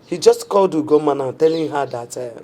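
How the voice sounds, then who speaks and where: A woman's voice: sits low, animated, fast, warm tone, a little hiss or hum. A reproachful Nigerian mother. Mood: grave. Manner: reproachful, insistent. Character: reproachful middle-aged mother, compassionate, stubborn. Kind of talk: film acting.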